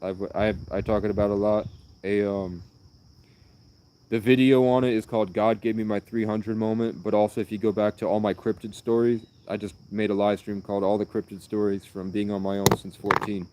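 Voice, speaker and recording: Livestreaming, a man tells long, meandering stories in an earnest way, jumping from one anecdote to the next. His voice is lowish and darkish in tone, level in delivery and a little fast.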